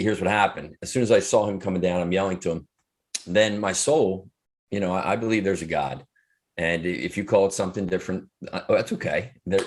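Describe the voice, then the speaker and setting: A man in his fifties, an author and speaker, earnestly telling a personal story in an interview, with frequent restarts. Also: sits low. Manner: earnest, reflective, halting with restarts.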